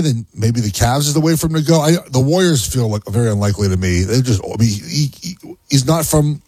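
Husky guy on a sports show, stops and restarts a lot, close dry mic. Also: medium pitch, a little mellow, dry recording. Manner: halting, many restarts and ums. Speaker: sports talk show co-host. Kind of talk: casual sports talk.

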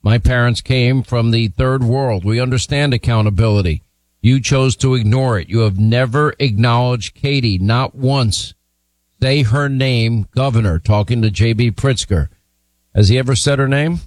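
A man's voice: medium pitch, normal speed, no room sound. A man hosting a cable news interview, speaking with a firm, pointed delivery. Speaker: TV news host.

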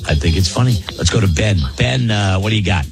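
A man's voice: on the low side, animated, quick pace, vocal fry, over music. A man hosting a call-in radio show, joking playfully with callers and laughing easily.

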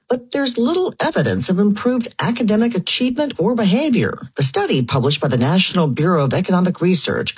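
A woman's voice: on the low side, husky. A woman filing a radio news report on a study. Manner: very animated reading. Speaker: correspondent.

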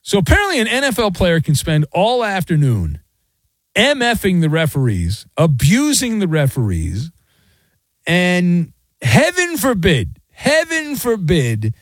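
A man's voice: a little high, no room sound. A middle-aged man hosting a sports talk radio show, ranting in a sarcastic, mocking way. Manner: sarcastic, mocking, animated rants. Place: radio studio.

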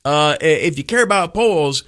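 A man's voice: a little high, expressive, moderate pace, fairly bright tone. A middle-aged man hosting a radio talk show, rambling and self-deprecating with lots of ums and uhs. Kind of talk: casual talk radio commentary. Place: radio studio.

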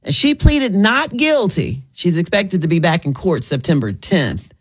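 On call-in radio, a female talk show host with a fairly low, husky, sing-song voice speaks a little slowly. She chats emphatically with callers and tends to repeat herself.

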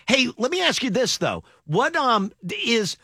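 Upbeat male morning radio host, bright, animated pitch, dry studio sound. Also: husky, dry recording. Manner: animated, joking, quick to laugh. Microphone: studio mic.

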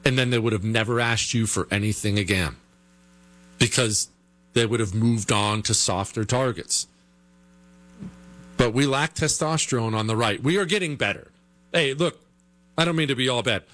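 A man's voice: normal speed, long pauses, fairly bright tone. A man hosting a talk radio show, delivering an opinionated, sarcastic monologue. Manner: sarcastic, mocking with high put-on whiny voices.

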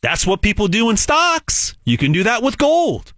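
A man delivering an emphatic, repetitive sales pitch monologue as host. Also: wildly swooping pitch, moderate pace, a bit bright, dry recording, studio quality.

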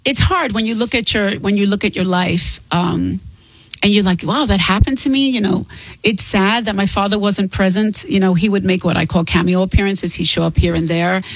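A woman's voice: mid-range voice, steady tone, moderate pace, vocal fry, dry recording, rough recording. Middle-aged female singer-guest, candid and earnest, dry close sound. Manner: earnest and open, laughs between points. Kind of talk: candid interview talk.

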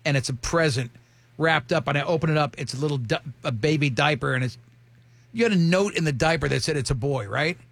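A man in his fifties chats casually as a host, his voice gravelly and a touch higher than most men's. He rambles through stories, restarting sentences and laughing easily. His tone has a rough, grainy edge throughout. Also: brisk, fairly bright tone, no room sound. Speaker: radio show host talking about his marriage. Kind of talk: casual chat.

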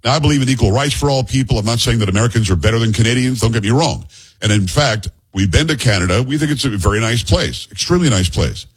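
A man's voice: medium pitch, animated, quick pace, breathy edge. A middle-aged man hosting a podcast in casual chat, rambling into joking asides and teasing his co-host. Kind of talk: casual talk-show chat.

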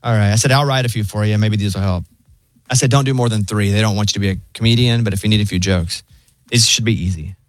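A man hosting a radio show, telling stories in relaxed, casual banter with a dry delivery. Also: on the low side, fast, no room sound. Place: radio studio. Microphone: studio microphone.

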